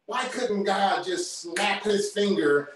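A male preacher delivers a sermon at an unhurried, deliberate pace, hammering home each point and repeating phrases for weight. He sounds as if picked up from far off in a big, very echoey church hall. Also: sits high, a little hiss or hum. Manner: emphatic, repeats key phrases.

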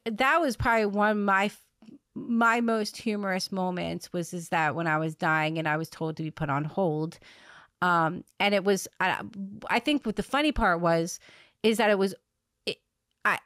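A woman hosting a podcast, telling a long story in a rambling way, with many fillers and restarts, laughing at her own dark humor. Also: medium pitch, normal speed, dry recording, clean studio sound. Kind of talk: casual conversational storytelling.

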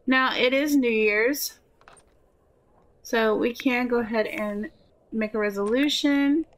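A woman's voice: on the high side, slow pace. A woman giving casual gameplay commentary, chatting to her characters and swearing offhandedly. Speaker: gameplay streamer.

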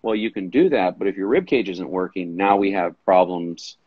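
A low-voiced, husky man chatting casually on a live stream, dry and close, sound a bit dull and lo-fi. He tells stories with lively quoted voices and jokes along the way. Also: normal speed, dry recording. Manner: storytelling, animated quoted voices, joking. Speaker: guest, fitness coach. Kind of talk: casual chat on a live video call. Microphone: live stream audio.

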